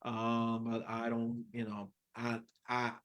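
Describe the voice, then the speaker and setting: Animated New York man, casual talk. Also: mid-range voice, slow. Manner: animated, swings from soft to loud. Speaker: podcast guest. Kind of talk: casual interview chat.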